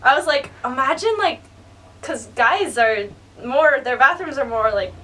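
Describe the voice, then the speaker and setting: Brief: young woman vlogger, high voice, excitable storyteller, sits a bit back from the mic. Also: measured pace, recorded from a distance. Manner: excitable, acts out quotes in high squeals. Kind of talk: storytime vlog.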